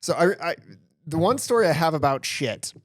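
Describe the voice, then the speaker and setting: A man's voice: on the high side, lively intonation, moderate pace, dry recording, studio quality. A man co-hosting a casual podcast, telling stories with lots of stammered restarts and swearing. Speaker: podcast co-host. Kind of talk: casual chat, storytelling.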